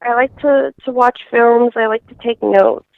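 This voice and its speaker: A woman guest in a casual interview, talking in a halting way with many fillers and restarts over a phone line. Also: fairly high pitch, steady tone, creaky, no echo.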